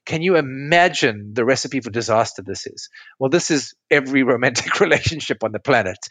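A man talks in a conversational interview, laying out his ideas patiently and often reaching for a metaphor to make a point. His voice sits at an ordinary middle pitch, and the recording is close and dry with no room sound. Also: expressive, brisk, a bit bright, dry recording. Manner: explains patiently with metaphors, asks if it makes sense. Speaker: relationship coach, podcast guest.

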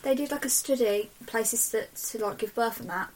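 A young woman co-hosting a podcast, telling stories in lively casual chat with lots of fillers. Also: on the high side, moderate pace, low-quality recording. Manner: animated storyteller, full of "like"s. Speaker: podcast co-host.

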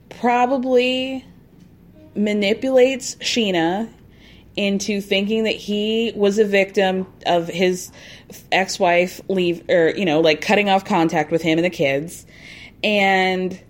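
A woman's voice: mid-range voice, takes it slowly. Opinionated woman recapping reality TV. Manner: opinionated, sarcastic, exasperated asides; acts out quotes in put-on voices. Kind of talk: casual recap commentary.

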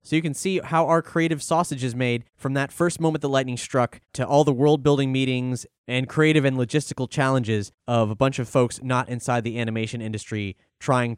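Chatty male podcast host, smooth voice. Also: mid-range voice, no echo, studio quality. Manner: chatty, relaxed, with filler words. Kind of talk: podcast outro with promos.

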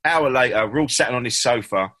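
A man telling an animated anecdote in a casual chat. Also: mid-range voice, fairly quick.

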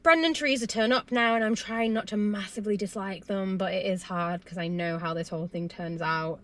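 A woman's voice: medium pitch, a little fast, fairly bright tone. A woman recapping a reality TV episode in a casual, chatty way, talking with strong opinions and feeling.

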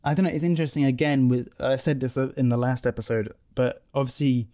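Male podcast co-host, casual chat, mid-pitched, rambling delivery with lots of restarts. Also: fairly even intonation, a little fast, dark tone. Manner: rambling, many restarts and self-corrections.

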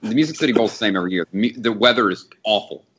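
A man with a fairly low voice talks football on a casual podcast. He rambles in an animated way, swears freely and breaks into laughs. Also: racing, slightly rough. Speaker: podcast co-host. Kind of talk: casual sports chat.

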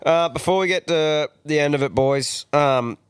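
Casting: young Australian man, podcast host, crude jokey banter, smooth voice. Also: a little high, normal speed, no echo, studio quality. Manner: crude, jokey, animated storyteller. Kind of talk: casual banter.

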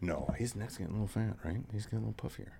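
A man's voice: on the low side, racing, gravelly, a crowd in the background. A man co-hosting a podcast, telling loose, profane stories with lots of laughter in casual chat. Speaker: podcast co-host.

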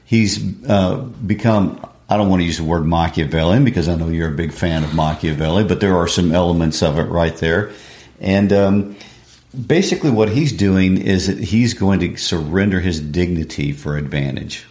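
A man's voice: sits low, moderate pace, a little mellow. A man, a literature teacher, discussing a play in a laid-back, affirming way. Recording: echoey room.

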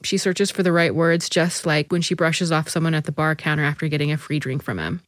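Woman narrator, story reading, lowish voice, dry close sound, measured. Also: no room sound.

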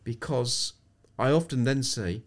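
Unhurried and mid-range, a middle-aged man from England speaks as a podcast guest. A sports psychologist, he tells stories in a reflective, anecdotal way and often begins his sentences anew.

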